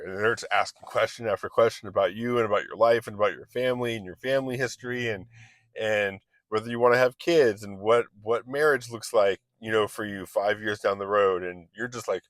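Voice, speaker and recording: A man's voice: fairly low pitch, fairly even intonation, moderate pace, a bit bright, no echo. A man giving a casual motivational talk as an online business coach, chatty and loose, often restarting his sentences and acting out little exchanges.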